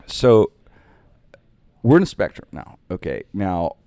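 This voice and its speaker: A man spins animated anecdotes from his broadcasting days, slipping into other people's voices as he goes. His voice sits low and mellow. The sound is dry and close. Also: takes it slowly, creaky, clear, resonant tone, no room sound. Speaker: radio broadcaster telling stories. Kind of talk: casual storytelling on a podcast.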